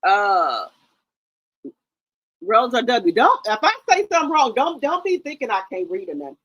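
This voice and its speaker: Woman in her 50s, aave, sassy and blunt, cusses a lot, kinda high voice, dry close sound. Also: very animated, normal speed, a bit bright, no room sound, rough recording. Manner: blunt, sassy, curses freely. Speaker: livestream host. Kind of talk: casual livestream chat.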